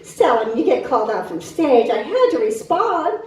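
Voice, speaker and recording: A woman's voice: high-pitched, big pitch swings, normal speed, a little mellow. A middle-aged woman doing a stand-up set on a club stage, punchy and brash, bantering with the crowd. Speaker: stand-up comic. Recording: very echoey club from a distance.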